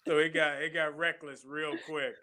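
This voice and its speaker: A man talks in a casual interview, lively and playful as he spins a story. His voice sits fairly high and sounds bright and forceful. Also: moderate pace. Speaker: actor being interviewed. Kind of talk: casual chat.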